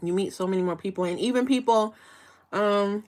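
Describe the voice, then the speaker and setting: A woman's voice: medium pitch, a little fast, a little mellow. A woman from Chicago hosting a casual live chat, asking rambling questions with frequent restarts and fillers. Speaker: livestream host.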